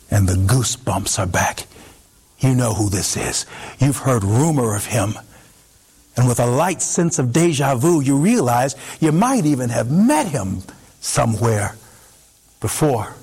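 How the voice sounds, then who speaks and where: A man narrating a story in the second person in an expressive, dramatic way, pausing for effect. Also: mid-range voice, husky.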